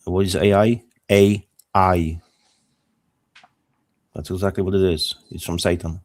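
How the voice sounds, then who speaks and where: A man's voice: sits low, steady tone, unhurried, darkish tone. A man talking in a solemn, conspiratorial way in a casual chat.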